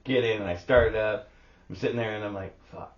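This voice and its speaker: A middle-aged man with a lowish, brisk voice co-hosts a podcast, telling a story in casual chat. He's animated, swears often, and acts out sounds. The recording sounds roomy, dull, and lo-fi.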